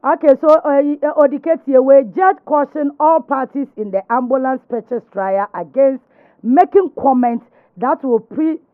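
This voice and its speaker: A radio host, heard over a tinny, phone-like line with a dry sound. The speech is halting, with stumbles over longer words. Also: sits high, no echo. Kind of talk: radio discussion.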